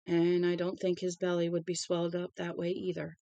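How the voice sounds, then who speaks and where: A woman's voice: fairly low pitch, monotone, a little fast, warm tone, no echo, highs cut off, lightly acted. A woman reading aloud voicing a worried young woman. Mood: concerned.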